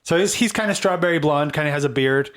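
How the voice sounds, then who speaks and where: A man narrates a tabletop role-playing game as game master. His telling is casual and halting, full of small restarts. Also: a little high, a bit bright, clear, resonant tone.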